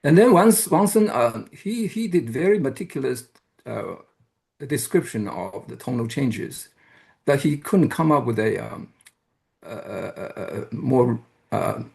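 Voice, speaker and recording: A man's voice: medium pitch, animated, unhurried, creaky, darkish tone. A man giving an academic lecture, talking hesitantly with many fillers and restarts. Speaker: guest lecturer.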